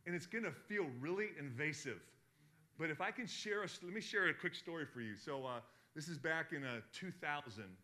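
A middle-aged man preaching a sermon, asking the congregation questions and swinging from hushed to loud. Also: fairly high pitch, expressive, a little fast. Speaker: pastor.

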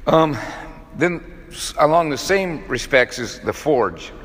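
A man's voice: a little high, expressive, slow, a bit bright. A man preaching a casual sermon, telling the story in a folksy, conversational way with plenty of fillers. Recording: echoey hall with long reverb.

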